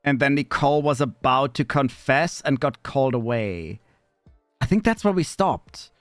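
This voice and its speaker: A man chatting casually on a live stream, rambling and swearing, with sudden squeaky high bits. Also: expressive, moderate pace, dry recording, faint music behind.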